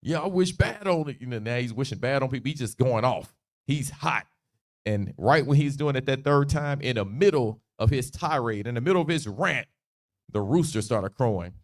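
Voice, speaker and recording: A man leads a livestreamed Bible study in relaxed, slang-heavy talk. His voice sits at a middle pitch, and he laughs easily as he acts out the scripture. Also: moderate pace. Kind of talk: casual livestreamed Bible teaching.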